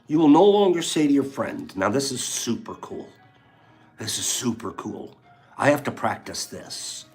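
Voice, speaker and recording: A man hosting a reflective spiritual talk, reading passages from a book aloud and mixing in his own animated remarks and soft asides. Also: medium pitch, measured pace, soft background music. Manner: animated, swinging between loud emphasis and soft asides. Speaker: podcast host.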